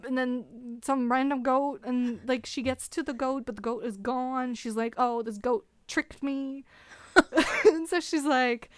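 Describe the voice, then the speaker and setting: Sarcastic higher-voiced woman recapping a book. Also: clear, resonant tone, no echo. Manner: sarcastic, laughs often, animated retelling. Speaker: podcast host. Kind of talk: casual chat recapping a book. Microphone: close microphone.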